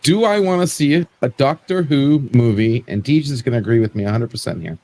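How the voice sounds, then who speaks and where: A man, a panelist on a live-stream show, giving a rambling, animated rant full of restarts and repeated words. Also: mid-range voice, brisk.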